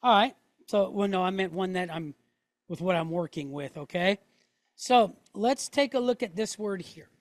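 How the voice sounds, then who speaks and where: A woman's voice: medium pitch, moderate pace, dry recording. A middle-aged woman teaching a Hebrew class, explaining step by step and checking in with the room after each point. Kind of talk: classroom lesson.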